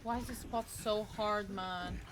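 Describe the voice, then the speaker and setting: A woman's voice: mid-range voice, steady tone, a little slow, over music. A woman streaming a game, chatting casually and teasing her teammates with flirty banter. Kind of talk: casual gameplay chat.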